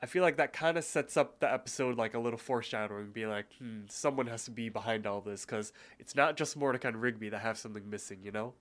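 Podcast co-host: easygoing man, casual recap, medium pitch, laughs often. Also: fast talker, hardly any pauses, a bit bright. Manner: chatty, laughs easily, lots of fillers.

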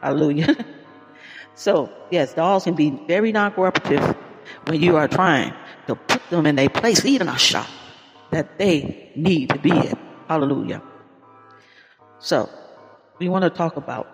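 Preaching an informal podcast sermon, a man speaks in a folksy, exclaiming way, often calling out "Lord have mercy" and "Hallelujah." His fairly high, animated voice goes a little slow with long pauses, over long reverb and faint music.

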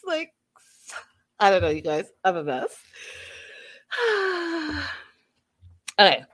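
A woman giving a casual, animated recap of a reality show, acting out quotes and laughing as she goes. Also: medium pitch, drawn-out words, pauses often, husky.

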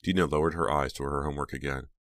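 Man, audiobook narrator, extremely low voice, dry close sound, steady. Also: racing, no echo. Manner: steady, suspenseful reading. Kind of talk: scripted narration.

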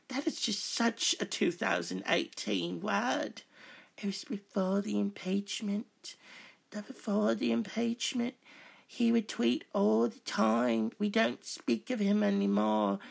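A woman's voice: medium pitch, creaky, voice pushed up, exaggerated voice. A woman playing a giddy American from a Britain-ruled future, talking in a put-on British accent. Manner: giddy, prim, mock-proper.

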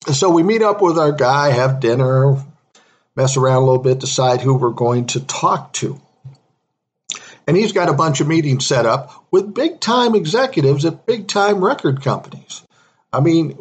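A man's voice: on the high side, husky. A middle-aged man, a music manager, telling a profane story casually, laughing often and acting out what others said. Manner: profane, animated, laughs often, acts out other people's lines.

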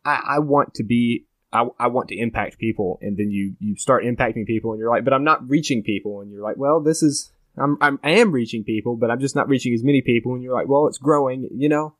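A man's voice: medium pitch, quick pace, hardly any pauses, fairly bright tone, no room sound. A teenage boy hosting a podcast, chatting casually and thoughtfully about a movie, rambling with many restarts. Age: teens. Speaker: podcast host. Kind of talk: casual movie review chat.

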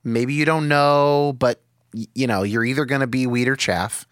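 A man's voice: mid-range voice, steady tone, normal speed, clear, resonant tone, no room sound. A man hosts a podcast and talks through his thoughts openly, cursing now and then and circling back on his sentences. His voice sits in a middle range. The sound is dry and close, with no room around it. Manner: reflective, frank, swears freely, thinks aloud with restarts. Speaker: podcast host. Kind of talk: candid podcast conversation.

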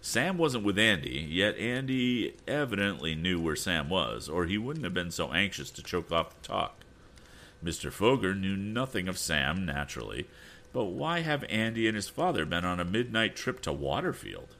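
A man's voice: low voice, sing-song, moderate pace, fairly bright tone, heavily acted. A man playing an eager young inventor. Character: cheerful, sharp young male inventor.

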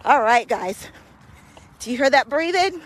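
A high-pitched woman leads a hill walking workout outdoors, out of breath as she climbs. She speaks slowly and keeps cheering her listeners on, motivating them to keep going. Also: animated, a little hiss or hum. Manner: encouraging, motivating. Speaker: fitness coach. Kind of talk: guided walking workout podcast.

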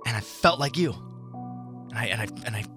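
A man co-hosting a morning radio show, telling a story in an animated way and acting out his own shouting. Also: medium pitch, fairly quick, soft background music. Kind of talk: casual radio banter.

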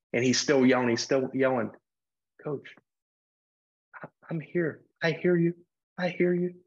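A man's voice: mid-range voice, creaky, muffled recording. A man who works as a basketball referee, speaking earnestly and reflectively as a podcast guest and acting out exchanges with coaches. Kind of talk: podcast interview.

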